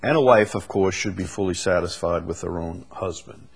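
A male pastor preaching a sermon, slow and drawn out, with bursts of emphasis. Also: sits low, gravelly, slightly rough.

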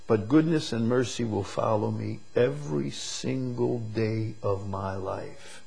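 A man preaching a sermon, moving from quiet, slow reflection to loud, emphatic declarations. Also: lowish voice, gravelly, slightly rough. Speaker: pastor.

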